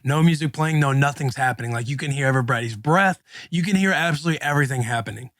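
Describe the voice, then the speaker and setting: A man's voice: medium pitch, fast, fairly bright tone, no echo. A man in his thirties co-hosting a podcast, telling a story in casual, slangy chat and acting out quotes. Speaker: podcast co-host, former NFL linebacker.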